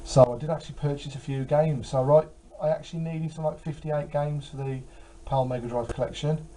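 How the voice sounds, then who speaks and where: A man's voice: on the high side, fairly even intonation, fairly quick, warm tone, slight background noise, rough recording. A tired man chatting casually about his game collection, rambling with many fillers. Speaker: retro game collector vlogger. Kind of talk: casual chat.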